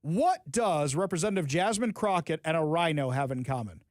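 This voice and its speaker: A man's voice: a little high, animated, fairly quick, few pauses, no echo. Sarcastic man hosting political talk radio. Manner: sarcastic, mocking asides; reads news items aloud, then comments on them. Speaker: radio talk show host.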